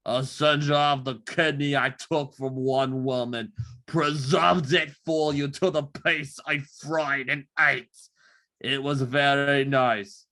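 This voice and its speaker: A drunk and deeply deranged Victorian killer drawls through a letter in a thick Cockney accent, as a man puts him on. The reading is slow and menacing, and the voice has a bright, forceful edge. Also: fairly even intonation.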